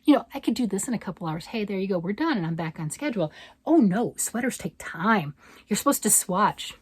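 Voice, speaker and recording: Chatting casually on her vlog, an older woman rambles about yarn and knitting and keeps asking "right?". She's a grandmother with a medium-pitched, expressive, slightly rough voice and a brisk delivery. No room sound is present.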